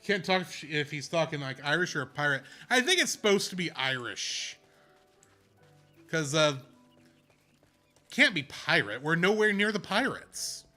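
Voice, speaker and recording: A man's voice: fairly high pitch, sing-song, unhurried, pauses often, sharp tone, soft background music. A man casually playing an online role-playing game, joking and rambling as he reads the quests aloud. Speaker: gamer streaming a playthrough.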